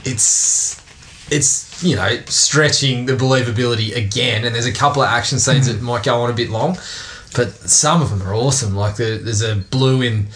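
A man's voice: medium pitch, normal speed, fairly bright tone, slight background noise. A man, chatting casually about movies as a podcast co-host, rambling and swearing now and then. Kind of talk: casual chat.

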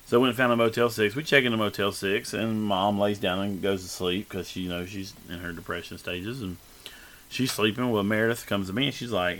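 Guest storyteller, male, rambling and casual, bright tone. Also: on the low side, steady tone, fairly quick. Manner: rambling, full of fillers and restarts. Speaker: guest telling his life story.

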